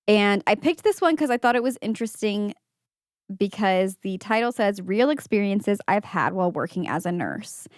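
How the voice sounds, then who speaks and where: A woman's voice: mid-range voice, expressive, normal speed, no echo. Giggly woman podcaster, dry close sound. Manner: giggly, chatty, says "like" often. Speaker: podcast co-host. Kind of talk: casual chat and reading stories aloud.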